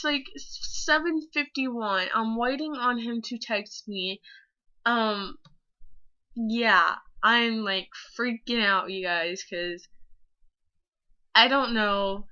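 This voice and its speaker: A teenage girl vlogger chats casually to her viewers in a bright, forceful, medium-pitched voice. Her rambling, gushing talk is full of filler words and the odd swear word, and the sound is lo-fi.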